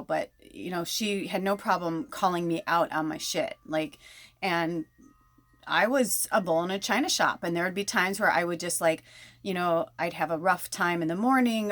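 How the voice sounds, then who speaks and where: A chatty woman in her thirties rambles through a casual spiritual talk, swearing freely and laughing often. Her voice sits low, and the recording is dry and close, with no room sound. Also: a bit bright, dry recording. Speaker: podcast host.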